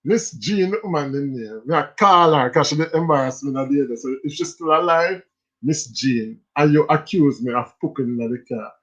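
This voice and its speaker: A man's voice: a little high, normal speed, a bit bright. A Jamaican man hosting a casual stream, telling stories in patois and laughing often. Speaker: livestream host. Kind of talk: casual storytelling. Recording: slightly dull lo-fi sound.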